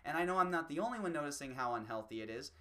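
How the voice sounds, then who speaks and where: Bright-voiced man ranting profanely. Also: on the high side, animated, racing. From United States. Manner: heavy swearing, rambling, breaks into mocking voices. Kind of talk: profane opinion rant monologue.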